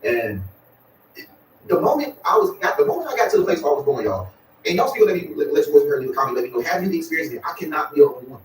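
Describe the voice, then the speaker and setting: Rambling fast-talking man, roomy distant sound. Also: on the high side, sing-song, slight background noise. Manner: rambling, repeats "y'all" and "you know what I'm saying". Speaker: vlogger. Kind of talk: casual chat to viewers.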